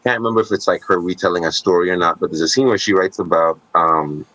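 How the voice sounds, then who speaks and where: A man co-hosting a podcast, telling stories in casual conversation with animated asides and jokes. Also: deep voice, quick pace, no echo, low-quality recording. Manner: animated storytelling, joking asides.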